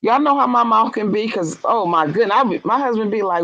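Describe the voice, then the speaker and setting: A woman telling stories in casual chat, with swooping pitch whenever she acts out what someone said. Her speech is blunt and salty, and the sound is dry and close with no room around it. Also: brisk, no room sound, muffled recording. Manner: animated storyteller, acts out quotes with big jumps in pitch; blunt and profane.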